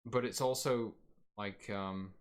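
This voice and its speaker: A man's voice: lowish voice, steady tone, slow pace. A man streaming and chatting casually about his game plans, rambling and correcting himself as he goes, his voice getting a little worn.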